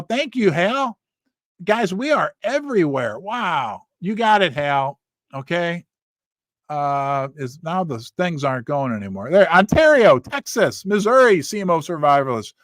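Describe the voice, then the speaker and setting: Middle-aged guy hosting a livestream, high lively voice, dry close sound, rattling off viewer names. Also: no echo. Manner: animated, reads viewer names aloud in quick bursts. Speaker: livestream host. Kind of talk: casual livestream chat.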